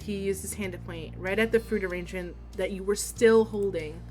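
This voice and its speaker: A young woman streaming a story game, reading the text and dialogue aloud in a steady voice and breaking into giggles and swearing between lines. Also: mid-range voice.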